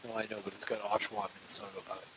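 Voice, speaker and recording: A man co-hosting a casual podcast, retelling a story in an animated, easygoing way and dropping slang like "dude" and "man". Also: fairly low pitch, racing, background noise. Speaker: podcast co-host. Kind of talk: casual chat.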